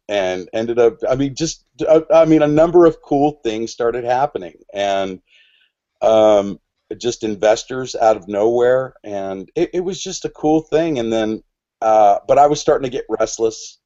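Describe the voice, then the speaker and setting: A man's voice: medium pitch, dark tone. A man, a podcast guest, telling a long personal story in a casual, rambling way, with many restarts and asides. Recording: dull lo-fi recording.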